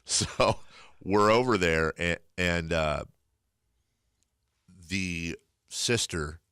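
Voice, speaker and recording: A man's voice: low voice, extremely slow, pushed and bright, smooth, no echo. A man hosting a sports radio show, joking and laughing with a guest in studio. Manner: joking, laughs often, reads live ad reads. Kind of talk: casual sports talk. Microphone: studio microphone.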